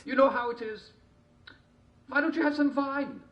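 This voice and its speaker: A sly, hungry storybook wolf, in a high, wheedling voice that coaxes and flatters. Creepy in a cartoonish way, pitched well above a normal speaking voice. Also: male voice, normal speed, highs cut off.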